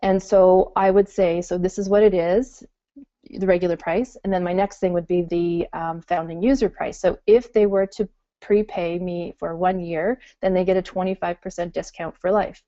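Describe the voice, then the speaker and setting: A middle-aged woman talking casually in an interview and acting out her customers' excited reactions. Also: lowish voice, normal speed, no echo. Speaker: guest entrepreneur. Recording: muffled call audio.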